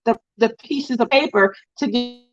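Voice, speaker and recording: Faint music plays behind a middle-aged woman whose slightly high voice moves at a moderate pace over lo-fi sound. She hosts a crafting stream, casually responding to viewer comments and telling a touching family story, chatty and emotional.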